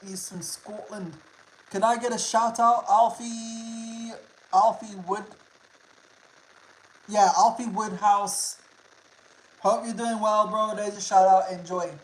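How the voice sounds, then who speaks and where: A man's voice: high-pitched, level tone, slow pace, long pauses. A young man from the United Kingdom, chatting casually with his livestream viewers, swearing freely and repeating himself. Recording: roomy echo.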